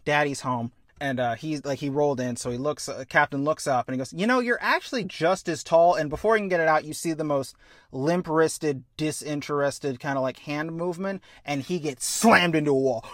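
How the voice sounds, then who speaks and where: A young man chatting casually, acting out a story pitch with quick voice changes and swearing. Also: fairly bright tone, no echo, studio quality. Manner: acts out scenes with quick voice changes. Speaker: podcast co-host pitching a story. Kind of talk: animated storytelling chat.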